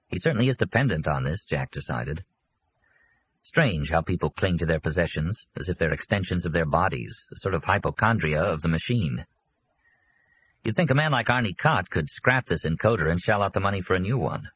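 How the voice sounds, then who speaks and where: A man narrating an audiobook in a steady, measured storytelling manner. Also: low-pitched, husky, dry recording, rough recording. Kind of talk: scripted narration.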